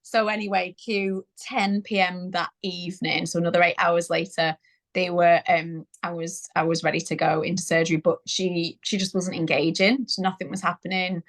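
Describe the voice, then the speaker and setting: A woman's voice: lowish voice, little pitch movement, moderate pace. A woman in her thirties, guest on a parenting interview, chatting casually and laughing often as she retells events. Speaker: guest sharing birth story. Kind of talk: casual conversational storytelling.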